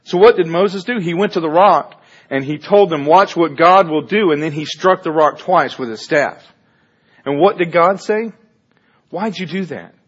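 A man's voice: on the high side, moderate pace, husky, lo-fi sound. A man preaching a sermon, who acts out the biblical figures in quoted voices and then explains them.

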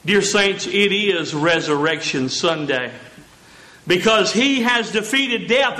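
A pastor preaching a sermon in a church, earnest and quoting scripture with frequent restarts. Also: male voice, high voice, animated, slow, bright, forceful tone. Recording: echoey church hall.

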